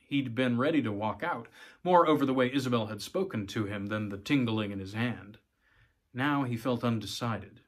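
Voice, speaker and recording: A man's voice: medium pitch, slightly rough. A man narrating a short story, reading with occasional small stumbles and giving the characters' lines a livelier delivery. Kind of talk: audiobook-style story reading.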